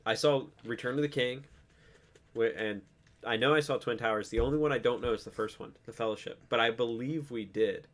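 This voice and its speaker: A man's voice: medium pitch, fairly quick, a bit bright. A man co-hosting a podcast in laid-back casual chat, swearing a lot and using many fillers. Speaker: podcast co-host.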